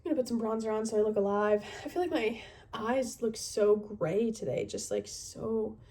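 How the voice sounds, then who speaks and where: A woman in her twenties talks casually to camera about her life, earnest and reflective, often reaching for words with fillers along the way. Her voice sits a little higher than most women's. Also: lively intonation, moderate pace, dark tone. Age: 20s. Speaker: youth group leader.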